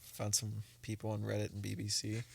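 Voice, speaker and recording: A man's voice: on the low side, monotone, fairly quick, gravelly, darkish tone, slight background noise. A young man hosting a casual podcast, joking and reading reports aloud to his friends. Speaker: podcast host.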